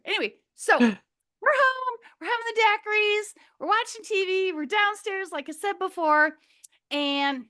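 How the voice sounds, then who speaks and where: A middle-aged woman from Minnesota talks as a podcast guest, her voice sitting high. She tells her story in a loose, rambling way, hunting for words and acting out what people said. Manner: rambling, animated, searches for words, acts out quotes. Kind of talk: casual storytelling.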